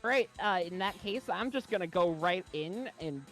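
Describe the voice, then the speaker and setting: Lively, giggly young woman player. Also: on the low side, moderate pace, faint music behind. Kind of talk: casual tabletop play over voice chat.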